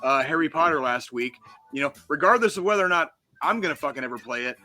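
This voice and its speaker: A man's voice: fairly high pitch, fast talker, bright, forceful tone. A man from the United States co-hosting a gaming podcast, ranting heatedly and swearing constantly in casual chat. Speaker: podcast co-host.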